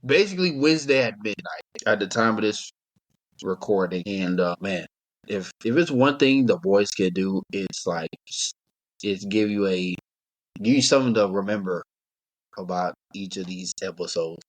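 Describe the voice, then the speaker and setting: A man's voice: lowish voice, animated, moderate pace. A young man co-hosting a casual podcast, talking in a rambling, laid-back way and laughing often. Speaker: podcast co-host. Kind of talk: casual chat.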